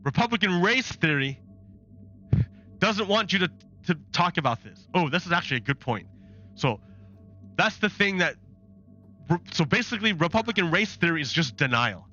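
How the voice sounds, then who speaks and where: A man's voice: high-pitched, big pitch swings, moderate pace, pauses often, sharp tone, dull audio, soft background music. A man giving chatty, sarcastic commentary while playing a game, often restarting sentences. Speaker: gaming channel host.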